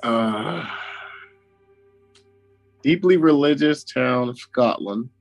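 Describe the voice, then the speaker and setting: A man's voice: mid-range voice, drawn-out words, creaky, no room sound, faint music behind, low-quality recording. A man co-hosting a podcast, reacting playfully and teasing the host as the story goes on. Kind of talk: casual chat, reacting and joking.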